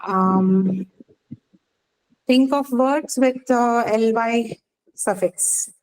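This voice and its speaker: A woman teaching an English class, explaining slowly and checking in with "right?" after each point. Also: a little high, a little mellow, low-quality recording. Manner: explains patiently, says "right?" often. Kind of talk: online class lecture.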